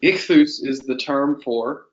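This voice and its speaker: A man's voice: medium pitch, slow pace. A man teaching a Greek class, patiently quizzing students with prompting questions. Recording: muffled lo-fi classroom recording.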